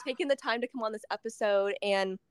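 A woman's voice: fairly high pitch, quick pace, smooth, no echo. A woman hosting a podcast interview, chatty and emotional, laughing often as she shares her story. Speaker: podcast host. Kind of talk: casual interview chat.

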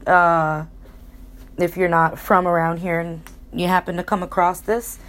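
A young woman vlogger from Connecticut, USA, tells a personal story in a casual, rambling way, candid and emotional and swearing freely. Her voice sits on the low side, with a level tone and measured pace.

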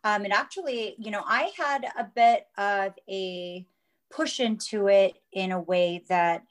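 A woman's voice: mid-range voice, unhurried. A woman in her thirties, a mother and guest on a podcast, telling a story earnestly and acting out what others said. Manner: earnest, animated, acts out quoted voices. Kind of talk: interview storytelling.

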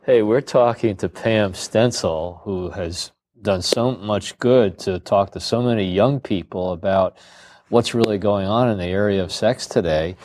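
A man's voice: on the low side, measured pace, a little mellow. Affirming male radio host. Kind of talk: radio interview.

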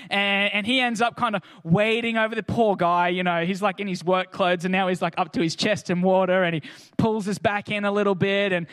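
High-voiced man telling a story. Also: pushed and bright, clear, resonant tone. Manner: chatty, lots of "like" and "kinda", acts out quotes. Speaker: speaker addressing an audience. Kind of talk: anecdotal storytelling to a crowd.

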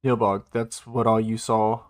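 A man, playing a tabletop game in a relaxed drawl. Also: lowish voice, unhurried. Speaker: player. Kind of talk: casual tabletop play. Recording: faint music behind.

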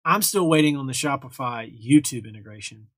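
A man's voice: mid-range voice, lively intonation, a little fast, no echo. A young man casually hosting a livestream, chatting loosely and thanking viewers as he reads their comments. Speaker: livestream host answering chat. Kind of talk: casual live chat.

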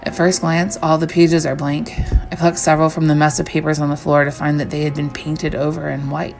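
A woman with a low, gravelly voice reads a first-person horror story in a measured way. She slows down on the eerie lines while faint music plays underneath. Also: level tone, a little mellow. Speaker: story reader.

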